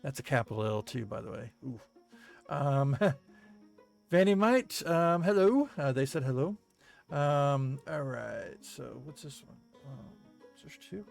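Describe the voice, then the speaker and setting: A man giving casual gameplay commentary, reading viewer comments aloud in a halting way with many ums and uhs and the odd chuckle. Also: medium pitch, expressive, gravelly, soft background music. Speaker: gaming video creator.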